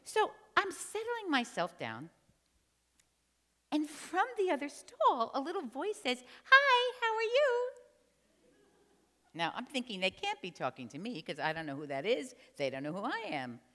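A woman's voice: on the high side, moderate pace. An older woman from New Jersey telling a funny story on stage, chatty and teasing her audience. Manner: animated, chatty, teases the audience. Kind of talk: humorous live storytelling. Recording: long hall reverb.

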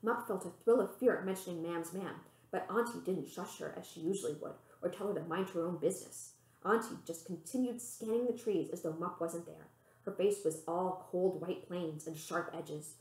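Expressive woman reading a storybook aloud. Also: moderate pace, reverberant, rough recording. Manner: expressive, voicing the characters with pitch lifts.

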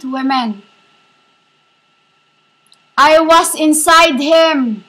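High, slow-speaking woman preaching. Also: pushed and bright, low-quality recording. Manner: halting, repetitive, keeps addressing listeners as "women". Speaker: self-styled spiritual preacher. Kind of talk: rambling spiritual monologue.

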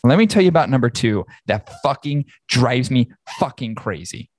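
A man's voice: medium pitch, expressive, moderate pace, darkish tone, no room sound. A man hosting a podcast, ranting angrily and swearing heavily. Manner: profane, angry ranting. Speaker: podcast host. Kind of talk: casual podcast rant.

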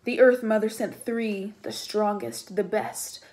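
A woman's voice: medium pitch, measured pace. A woman doing a hollow spirit voice. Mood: hollow menace. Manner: hollow, flat menace. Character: cold spirit possessing a teenage boy.

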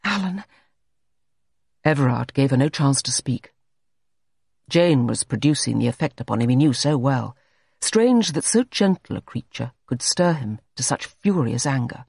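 An audiobook narrator tells a classic story in a lively voice that rises and falls a lot. The voice is a little husky, and the recording is dry and close. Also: mid-range voice, normal speed, no echo. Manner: expressive storytelling. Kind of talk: scripted narration.

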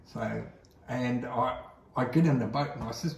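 An Australian man, a guest giving his testimony, tells a casual, rambling story in a creaky, medium-pitched voice at normal speed, repeating words and saying "I says" a lot. He sounds distant and off-mic in an echoey room.

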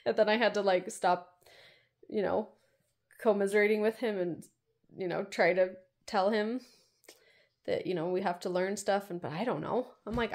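A woman's voice: medium pitch, steady tone, moderate pace. A woman in her thirties chatting casually in a home vlog, rambling with lots of fillers. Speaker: vlogger.

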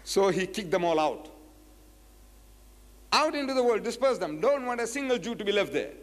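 A man delivers a lecture in a slightly high, very lively voice. He reads passages from a book and drives his argument home with emphatic rhetorical questions. His voice carries a long echo, as in a large lecture hall. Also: normal speed. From South Africa. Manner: emphatic, rhetorical questions, acts out quoted speakers. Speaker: Islamic lecturer. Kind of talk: public lecture, reading quotes from a book.

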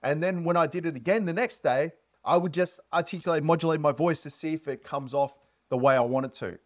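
A man gives casual sales coaching to camera, animated and energetic with heavy inflection. His voice is on the high side and fairly quick.

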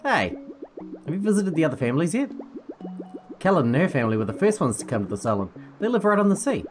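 A man's voice: fairly high pitch, sing-song, fast talker, over music, pitched above the performer's own voice. A man voicing a talkative young mother with a baby, reading game dialogue aloud in a gossipy, friendly way. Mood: chatty. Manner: gossipy, warm-hearted, talkative.

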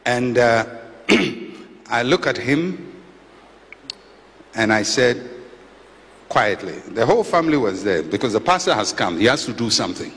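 A man's voice: mid-range voice, big pitch swings, takes it slowly, pauses often, a bit bright. A middle-aged man, preaching a sermon in a conversational, storytelling way with dry humor. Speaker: pastor. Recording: reverberant hall with faint background noise.

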